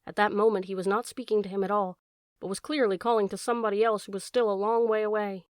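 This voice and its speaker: A woman narrating an audiobook in a measured, expressive reading voice. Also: mid-range voice, dry recording, studio quality. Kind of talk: scripted narration.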